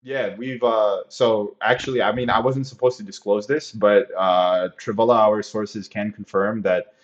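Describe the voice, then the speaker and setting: A man's voice: on the low side, moderate pace, slight background noise. A man hosting a casual podcast, talking loosely and saying "like" and "uh" a lot. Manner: relaxed, filler-heavy, "like" and "uh" often. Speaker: podcast host. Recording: dull lo-fi recording.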